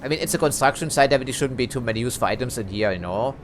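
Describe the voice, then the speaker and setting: A man's voice: medium pitch, expressive, rapid-fire, slight background noise. A man giving casual let's play commentary, chatty, hedging and dryly critical as he plays.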